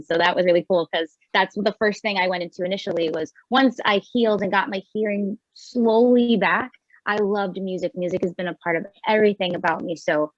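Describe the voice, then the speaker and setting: A woman from New York City on a video call, telling her story as a voiceover contest winner in a bubbly, quick way. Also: fairly low pitch, no echo, highs cut off. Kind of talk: casual video call chat.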